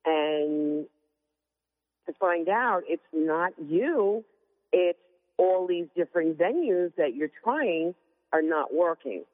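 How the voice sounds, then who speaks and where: A woman calling in to a casual interview, candid and lively, acting out what others said. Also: lowish voice, takes it slowly. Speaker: guest caller. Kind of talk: casual interview over the phone. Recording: tinny phone line with long reverb.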